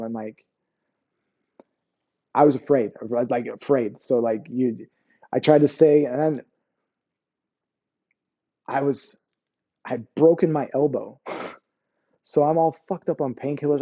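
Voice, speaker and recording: A warm mid-range voice, recorded with the highs cut off, belongs to a man in his forties who is an Army veteran. As a guest in a candid interview, he rambles profanely through his war stories and keeps saying "you know what I mean."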